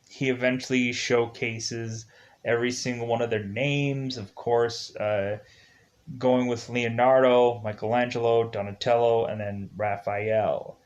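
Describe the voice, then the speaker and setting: This film reviewer, a man with a medium-pitched voice on dull audio, gives a casual spoken movie review. He retells the plot in a rambling way, full of fillers and restarts.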